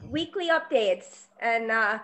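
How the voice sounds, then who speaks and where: A woman in her forties giving a heartfelt, halting tribute on a video call. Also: on the high side, expressive, fairly bright tone. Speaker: hockey mom sharing a memory.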